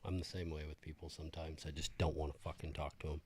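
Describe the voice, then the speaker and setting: A man's voice: extremely low pitch, flat delivery, quick pace, slightly rough, dry recording. A man co-hosting a casual podcast, telling loose stories full of swearing. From Maine. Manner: swears freely, storytelling, laughs at own stories. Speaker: podcast co-host. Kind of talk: casual chat.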